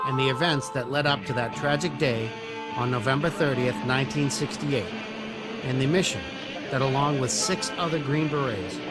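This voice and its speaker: Earnest male narrator, dramatic read, guitar music loud behind. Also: medium pitch. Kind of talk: scripted narration.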